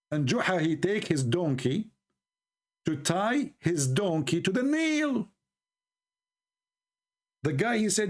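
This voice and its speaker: Animated high-voiced man with an Arabic accent. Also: a little slow, long pauses. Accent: Middle Eastern Arabic. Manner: animated, mocking, repeats words, laughs at his own points. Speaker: online commentator. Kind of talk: casual opinion talk with storytelling.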